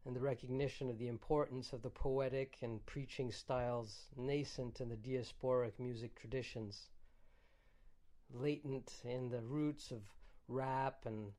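A man hosting a community radio show, reading a measured, scripted introduction. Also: mid-range voice, mellow. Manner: measured, read-aloud introduction. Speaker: radio host.

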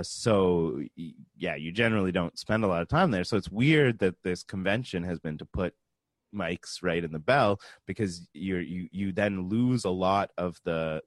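A man with a very low voice talks casually as a guest on a radio show, circling back and restarting his sentences often. The studio sound is dry and close. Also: no room sound. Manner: rambling, many restarts. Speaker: musician guest.

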